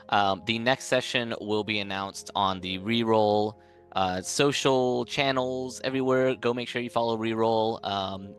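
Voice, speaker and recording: Low-voiced male game master signing off. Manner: relaxed, thankful, halting with uhs. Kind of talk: closing a live stream.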